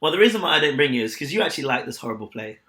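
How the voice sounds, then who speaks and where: A young man co-hosting a casual podcast chat, blunt and scathing and quick to laugh. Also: on the high side, very animated, pushed and bright. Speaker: podcast co-host. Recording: echoey room.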